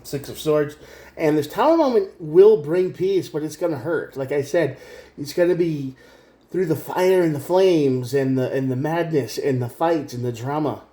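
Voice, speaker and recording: Mellow-voiced male tarot reader, earnest, talks straight to the viewer. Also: fairly high pitch, moderate pace, roomy sound. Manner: earnest, direct, repeats himself, mimics quoted voices. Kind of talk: casual spoken tarot reading.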